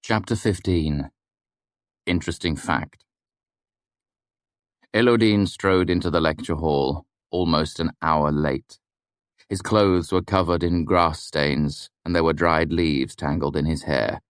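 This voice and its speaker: A man narrating a fantasy audiobook in a measured, expressive storytelling manner. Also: very deep voice, smooth, no echo, studio quality.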